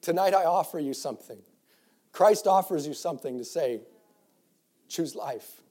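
A man preaching with a somewhat high yet mellow, dark-toned voice. He reads scripture in old-fashioned wording and swings between hushed reflection and loud, fervent calls. He often restarts his phrases as he goes. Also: a little fast. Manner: builds from quiet reflective passages to loud fervent exhortation. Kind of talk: sermon to young people.

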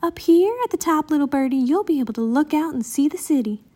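Brief: storybook rich lady, shrill and cooing, gushing, as a woman reads her aloud. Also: expressive, fast, warm tone.

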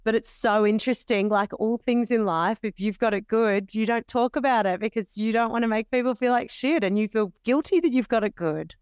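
A woman's voice: a little high, brisk, hardly any pauses, darkish tone, clean tone, no echo, clean studio sound. A young Australian woman co-hosting a podcast in casual chat, talking things through aloud and laughing easily. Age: young adult. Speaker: podcast co-host.

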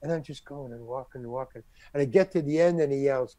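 A man's voice: on the high side, brisk, hardly any pauses, slight background noise. An older man, a guest actor, telling a long anecdote and acting out the other people's lines. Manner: animated, acts out other people's lines in the story. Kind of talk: anecdotal storytelling.

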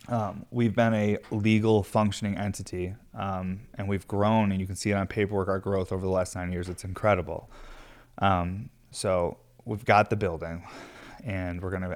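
A stressed man talking candidly in a casual vlog, rambling with lots of fillers and swearing freely. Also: low voice. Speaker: glass studio owner.

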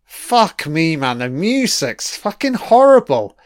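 A man's voice: on the high side, sing-song, slow, no echo, clean studio sound. A man giving a profane, sarcastic ranting commentary while watching a TV episode.

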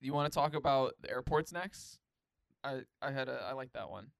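A man's voice: medium pitch, normal speed, vocal fry, dry recording. A young man co-hosting a podcast in casual chat, rambling with many fillers. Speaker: podcast co-host.

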